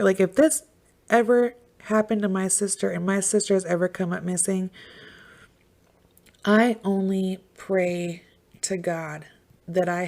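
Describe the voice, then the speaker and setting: Woman podcast host, low gravelly voice, mellow tone, blunt and emphatic, swears a lot. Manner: emphatic, swears freely, full of "like". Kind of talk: casual true-crime chat.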